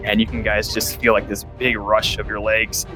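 A man's voice: lowish voice, flat delivery, normal speed, music in the background. A man narrating as game master of a tabletop game, in a loose, chatty way with filler words.

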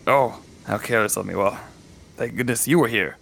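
A man playing a genteel, gravelly gentleman. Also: on the low side, fairly quick. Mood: polite.

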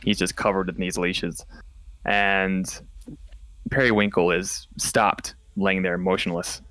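A man's voice: low voice, flat delivery, slow pace, fairly bright tone, no echo. A man narrating a tabletop game as game master, describing scenes vividly with casual fillers.

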